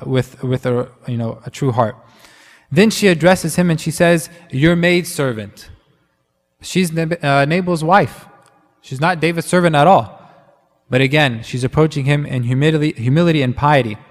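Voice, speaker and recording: Man preaching in a reverberant hall. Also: a little high. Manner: conversational, many fillers and restarts. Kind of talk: sermon.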